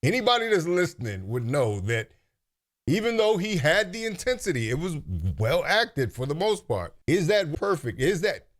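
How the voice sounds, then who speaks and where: A man's voice: on the high side, big pitch swings, moderate pace. A man hosting commentary, making a pointed, rhetorical argument. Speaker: commentary host.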